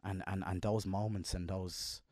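A man's voice: steady tone, moderate pace, mellow, no echo, studio quality. A middle-aged man co-hosting a podcast, talking in a heartfelt, emotional way about his kids. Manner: emotional, heartfelt, jumps up in pitch when quoting himself. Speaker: podcast co-host. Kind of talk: casual chat.

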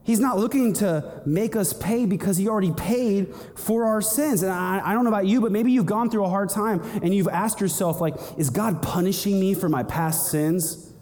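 High-voiced young male preacher in a hall. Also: moderate pace, few pauses. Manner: animated, acts out little scenes and voices. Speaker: pastor. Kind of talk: sermon. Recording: long hall reverb.

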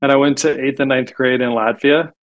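His mid-range voice stays steady as he moves along briskly. He's a guest on a podcast, chatting through stories in an easygoing interview and often reaching for "like" as filler.

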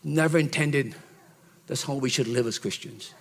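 A pastor preaching an expository sermon in a teacherly way, checking in with his listeners and building up to loud, emphatic exhortation. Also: mid-range voice, normal speed, a little hiss or hum. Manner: teacherly, checks in with "Okay?" and "See?".

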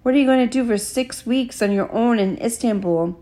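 A woman's voice: on the high side, a little fast, warm tone, voice pushed up, natural voice. A woman voicing a worried middle-aged father on the phone in an audiobook, asking anxious questions. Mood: concerned.

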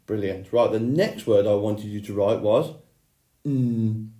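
A male teacher reading a children's story aloud and then giving a handwriting lesson, clear and expressive. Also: lowish voice, measured pace.

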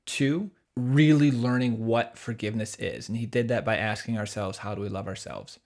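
A man's voice: lowish voice, moderate pace, darkish tone. A man hosting a podcast, talking about faith in a friendly, enthusiastic way and sometimes stumbling over his words as he restarts. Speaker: podcast host. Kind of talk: conversational discussion of faith.

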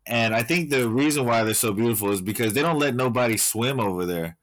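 A man's voice: mid-range voice, fairly quick, no room sound. A man in casual chat, a profane, rambling storyteller who leans on fillers.

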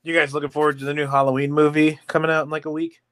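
A man in casual podcast talk, his pitch a little above average. He jokes, swears and laughs at his own bits. The recording is dry and close, with no room echo. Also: level tone, racing, fairly bright tone. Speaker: podcast co-host. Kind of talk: casual chat.

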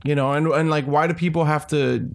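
Gravelly man in wry casual chat. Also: fairly high pitch, fairly even intonation, fairly quick. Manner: laid-back, wry, with hesitant restarts.

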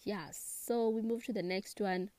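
A woman's voice: medium pitch, unhurried, dry recording. Chatty Kenyan young woman, dry sound. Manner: chatty and expressive, laughs often, mixes in Swahili words. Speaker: vlogger giving relationship advice. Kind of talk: casual chat to camera.

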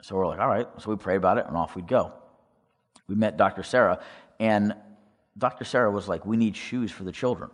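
A man's voice: lowish voice, brisk. A man giving a storytelling testimony to a congregation, acting out quoted dialogue and asking the audience questions. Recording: long hall reverb.

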